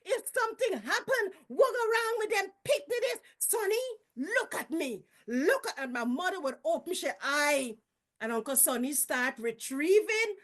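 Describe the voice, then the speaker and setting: A woman with a Guyanese accent telling childhood stories in a lively, folksy way. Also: sits high. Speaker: storyteller. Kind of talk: casual storytelling.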